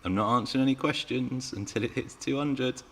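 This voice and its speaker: A man's voice: mid-range voice, a little fast. Chatty man hosting a live stream. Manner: chatty and playful, teasing viewers. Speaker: RC car channel host. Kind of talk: live-stream Q&A, reading viewer comments.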